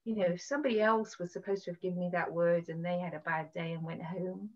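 A woman hosting a faith podcast, telling a personal story in a casual, animated way over a video call. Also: on the low side, fast talker. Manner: animated storytelling, acts out quoted voices. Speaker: podcast host sharing a testimony. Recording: dull lo-fi video-call audio.

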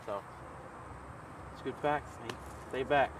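A man's voice: medium pitch, takes it slowly, noisy background. A young man vlogging casually while walking through an outdoor park, joking and ranting in mock exasperation.

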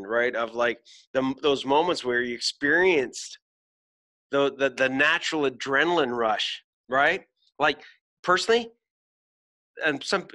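A man hosting a podcast, telling an animated story in casual chat, swearing freely and acting out voices. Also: on the high side. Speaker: podcast host.

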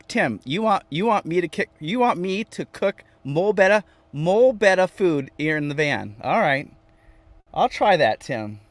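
A man chatting casually on a livestream from inside his van, reading viewers' comments aloud, talking to them by name and repeating himself with lively energy. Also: high-pitched, no room sound. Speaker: vlogger reading live chat.

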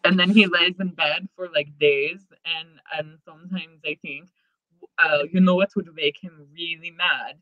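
Give me a woman playing a smitten young rocker who teases the guy he likes, rambling in a soft, coy voice with a vague European accent. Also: on the low side, steady tone, a little slow, no room sound, voice pushed down, natural voice. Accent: put-on vague European accent. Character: teasing young male musician, coy and smitten. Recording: dull lo-fi podcast mic.

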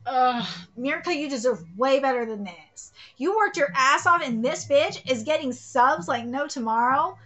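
A woman's voice: high-pitched, lively intonation, slow, bright, forceful tone, slightly rough, low-quality recording. A woman hosting a live manga reaction stream, talking bluntly and profanely and repeating her points for emphasis. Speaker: streamer, channel host.

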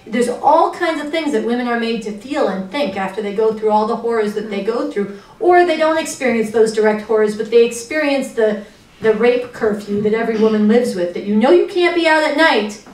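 A fairly high-voiced woman speaks as an activist, urgent and earnest as she tells one story after another. The sound comes from a room with noticeable echo, picked up from some distance off the mic. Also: expressive, a little fast, darkish tone. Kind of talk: impassioned spoken talk.

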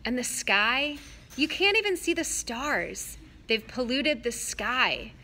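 A woman voicing an earnest, saddened young male satyr in a read-aloud story, speaking slowly at times. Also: high-pitched, sing-song, sharp tone, pitched above the performer's own voice, exaggerated voice. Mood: earnest, sorrowful. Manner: sad, earnest, slow at times.

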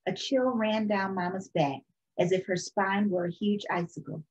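A woman's voice: mid-range voice, moderate pace, muffled recording. Woman reading a children's story aloud. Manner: calm, expressive storytelling. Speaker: storytime reader.

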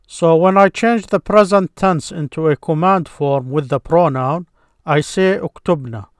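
A man teaching a grammar lesson, slowly and patiently explaining each form with repeated examples. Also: a little high, no room sound, studio quality.

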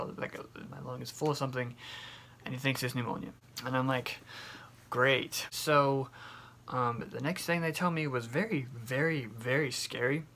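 A young man tells a personal story to his camera in a loose, chatty vlog style, filling the gaps with ums and quoted reactions. His voice is bright and carries a gravelly fry. A faint hiss sits under the recording. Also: mid-range voice. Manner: chatty, animated retelling with many fillers and quoted asides. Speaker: vlogger.

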